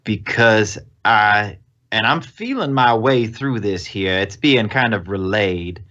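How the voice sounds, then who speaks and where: A man voicing the eerie, hungry voice of a chameleon creature, speaking slowly and low with polite menace. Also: lively intonation, pushed and bright, dull audio, exaggerated voice. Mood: uneasy. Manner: slow, low, apologetic menace.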